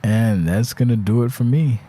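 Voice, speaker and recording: A man's voice: mid-range voice, normal speed, warm tone, breathy edge. A man hosting a solo podcast, rambling and ranting with lots of swearing, restarts and searching for words. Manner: rambling, profane, exasperated ranting with frequent restarts. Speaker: podcast host.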